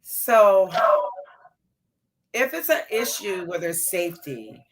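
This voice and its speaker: A middle-aged woman co-hosting a casual chat show, telling stories in an animated way and acting out the dialogue. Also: medium pitch, slow, low-quality recording. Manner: animated storyteller, acts out dialogue. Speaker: co-host.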